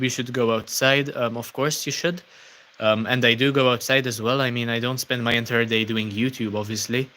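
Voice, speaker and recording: Man, livestream host, casual chat, mid-pitched, answers viewer comments, lots of ums. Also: sharp tone. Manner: reads viewer comments and answers them aloud, with frequent ums.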